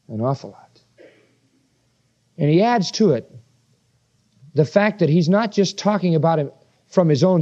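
A male preacher with a high, lively voice that leaps up and down as he drives his points home. He preaches with emphasis and fires rhetorical questions at his listeners. The recording sounds dull and lo-fi. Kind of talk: sermon.

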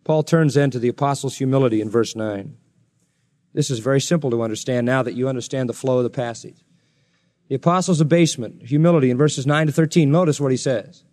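A male pastor preaching an expository sermon, animated and jokey, slipping into mocking sarcastic voices. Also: mid-range voice, fast. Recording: long reverb of a large hall.

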